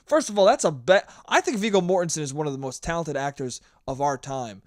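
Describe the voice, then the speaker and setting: A man's voice: a little high, lively intonation, brisk, darkish tone, no room sound, studio quality. A young man hosting a solo podcast, ranting sarcastically and swearing a lot while acting out mocking voices. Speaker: podcast host. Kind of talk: solo comedic rant.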